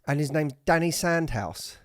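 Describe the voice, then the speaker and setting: A man's voice: fairly high pitch, moderate pace, dry recording, studio quality. Playful man hosting a podcast. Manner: playful, teasing, animated. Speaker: podcast host. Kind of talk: casual chat.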